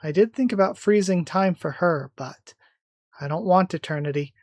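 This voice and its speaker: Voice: mid-range voice, normal speed, no room sound, lightly acted. A reader voicing a tender, devoted young woman, her lines read aloud from a comic in a plain voice. The recording is close and dry.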